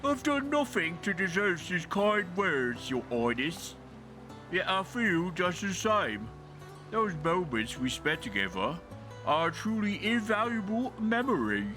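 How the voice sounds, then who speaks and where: A man's voice: on the high side, big pitch swings, moderate pace, hardly any pauses, pitched above the performer's own voice, poor audio. A man putting on a courtly old knight. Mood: earnest. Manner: formal, old-fashioned courtly speech. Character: courtly older male knight, devoted and formal. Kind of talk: reading game dialogue aloud. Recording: game music playing behind.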